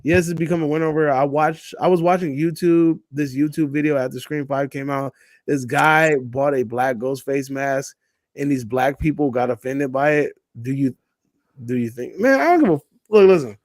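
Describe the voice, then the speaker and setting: A man's voice: fairly high pitch, normal speed, no room sound. A man co-hosting a casual live stream chat, loose and joking and cursing freely.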